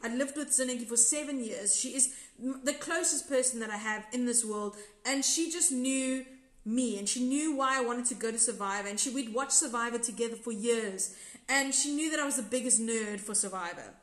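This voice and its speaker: A woman's voice: a little high, normal speed. Chatty South African woman in a roomy space. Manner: rambling, self-correcting, candid. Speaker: episode reviewer and former contestant. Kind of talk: casual live recap chat reading viewer comments. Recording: roomy echo.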